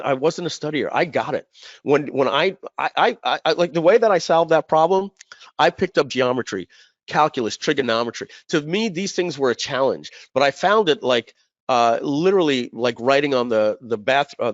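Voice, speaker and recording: Animated middle-aged man telling a story. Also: medium pitch, no echo, dull audio. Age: 50s. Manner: animated, acts out quoted voices, many fillers and restarts. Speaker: webinar host. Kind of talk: storytelling to a live chat audience.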